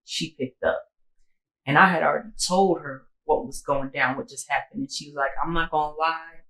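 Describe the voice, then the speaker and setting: A young woman co-hosting a podcast, telling a personal story in a slangy, candid way and jumping higher in pitch when she quotes people. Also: normal speed, gravelly, a bit bright, echoey room, low-quality recording. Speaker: podcast co-host. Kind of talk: casual storytelling.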